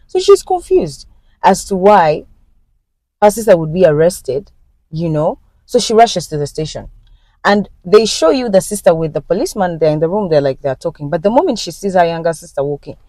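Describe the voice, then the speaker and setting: A young woman retelling a movie plot casually, acting out the characters' lines in quick asides. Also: medium pitch, no echo, low-quality recording. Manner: animated, acts out dialogue in quick asides. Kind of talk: casual storytelling recap.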